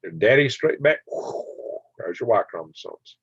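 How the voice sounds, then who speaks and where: Gravelly older man chatting with viewers. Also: fairly low pitch, big pitch swings, moderate pace, a bit bright, dry recording, dull audio. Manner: rambling, laughs often, answers viewers by name. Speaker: channel host reading live chat. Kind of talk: casual livestream chat.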